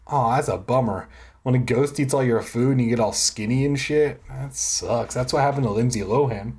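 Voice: medium pitch, normal speed, darkish tone. A reader narrating a children's book aloud, adding sarcastic, profane asides. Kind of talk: audiobook reading with crude comic asides.

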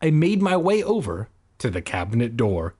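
A man's voice: medium pitch, very animated, normal speed, darkish tone, slightly rough. A man reading a children's book aloud, cutting in with sarcastic jokes. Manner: sarcastic, jokey interruptions. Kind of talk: comedic book reading with asides.

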